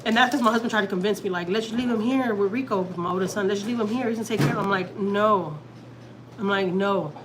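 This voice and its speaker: A woman's voice: medium pitch, fast talker, noisy background. A woman from Texas talking casually as a family vlogger, rambling and emotional, with lots of restarts and fillers. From Houston, Texas. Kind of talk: casual personal chat.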